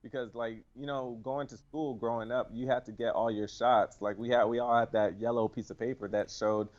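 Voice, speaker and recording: A man's voice: mid-range voice, steady tone, normal speed, darkish tone. A man co-hosting a casual talk show, speaking hesitantly with fillers. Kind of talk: casual chat. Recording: dull lo-fi sound.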